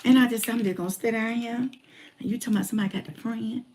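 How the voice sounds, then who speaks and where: A woman in her forties telling a personal story in a lively, colloquial way, repeating phrases for emphasis. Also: a little high, rapid-fire, a little hiss or hum. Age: 40s. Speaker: motivational speaker.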